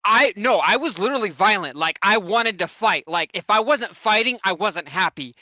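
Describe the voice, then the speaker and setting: A man's voice: sits high, expressive, normal speed, bright, forceful tone, no echo. A man co-hosting a podcast in casual chat, blunt and sarcastic with frequent swearing. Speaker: podcast co-host. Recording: dull lo-fi dry recording.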